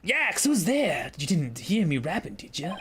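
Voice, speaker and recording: A woman's voice: lowish voice, sing-song, a little slow, heavy background noise. A woman reading a young male animal keeper who raps. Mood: upbeat. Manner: playful, trying out voices. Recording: game music playing behind.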